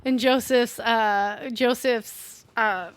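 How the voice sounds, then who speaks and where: Woman, movie review co-host, higher voice, rambling, swears a lot, casual recap. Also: fairly even intonation, drawn-out words, clear, resonant tone, no room sound. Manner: rambling, swears freely, many fillers. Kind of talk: casual chat recapping a film.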